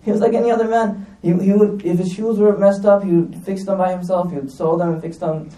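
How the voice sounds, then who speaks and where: High-voiced man preaching, echoey room. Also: steady tone, a little fast, warm tone. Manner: storytelling with asides and fillers. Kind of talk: conversational religious talk. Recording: echoey room, mic at a distance.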